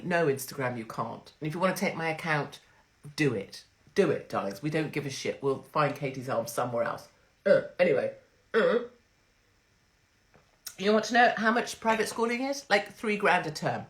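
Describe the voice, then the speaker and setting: A middle-aged woman, hosting a crude, sarcastic livestream monologue from home on her phone. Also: low voice. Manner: brash, crude, sarcastic, swears freely. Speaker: livestream host.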